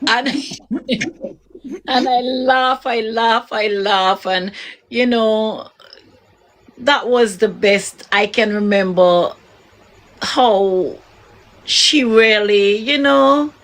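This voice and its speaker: A middle-aged woman with a Jamaican accent, telling stories with soft laughs in a live-streamed interview. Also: fairly high pitch. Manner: unhurried storytelling with soft laughs. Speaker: interviewee, bereaved mother.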